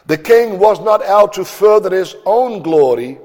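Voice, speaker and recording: A man's voice: high-pitched, animated, unhurried, darkish tone. A man preaching a sermon in a solemn, declamatory manner, stretching out words for emphasis. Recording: long hall reverb.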